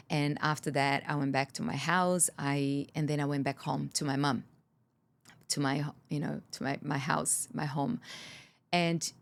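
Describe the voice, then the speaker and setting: A woman's voice: sits low, clean tone. A woman from Brazil, a guest telling a personal story in an interview, candid and earnest, her words tumbling out with many restarts.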